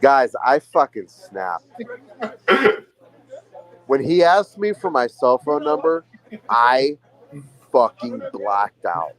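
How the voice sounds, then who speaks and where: Casting: man in his thirties, podcast co-host, mid-pitched, animated and profane storyteller. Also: takes it slowly, pauses often, rough recording. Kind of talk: casual storytelling chat. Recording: remote call from a phone.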